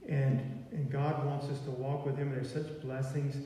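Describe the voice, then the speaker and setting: Male preacher, mellow tone, folksy sermon delivery, distant mic in a roomy church. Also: medium pitch, flat delivery, unhurried, a little hiss or hum. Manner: conversational, folksy with fillers like "okay" and "y'all". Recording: far from mic in an echoey hall.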